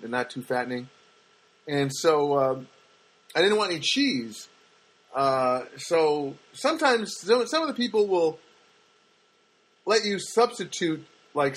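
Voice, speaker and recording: A man's voice: mid-range voice, poor audio. A man hosting a podcast, telling rambling stories in a casual monologue and acting out the people in them. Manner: rambling storyteller, acts out quoted people. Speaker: podcast host. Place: Los Angeles.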